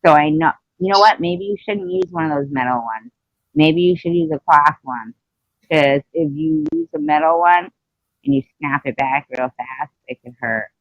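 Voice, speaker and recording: A woman's voice: low voice, normal speed, no echo, lo-fi sound. A middle-aged woman hosting a casual live stream, blunt and teasing, telling stories and laughing often.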